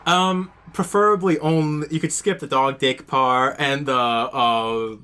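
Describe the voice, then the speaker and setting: A man's voice: medium pitch, steady tone, measured pace, sharp tone, smooth. A young man co-hosting a casual podcast, laughing often and joking crudely with stammered restarts. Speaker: podcast co-host. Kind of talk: casual chat.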